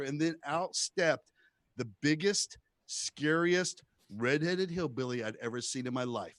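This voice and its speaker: A male comedian from the rural United States telling a long story stand-up style, acting out the shouted quotes. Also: a little high, unhurried, no echo. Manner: animated storyteller who acts out shouted quotes.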